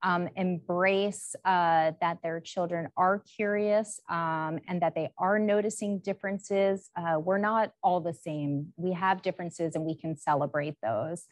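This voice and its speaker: Slow, thoughtful woman guest. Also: on the low side, fairly even intonation, dry recording. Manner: warm, thoughtful, with fillers. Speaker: interview guest. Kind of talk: casual interview chat.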